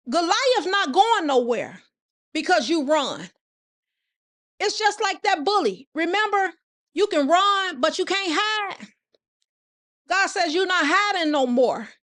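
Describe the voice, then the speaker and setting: A woman's voice: extremely high pitch, fairly bright tone. A woman host preaching on a live stream, repeating phrases and asking listeners pointed rhetorical questions, and greeting viewers by name between points.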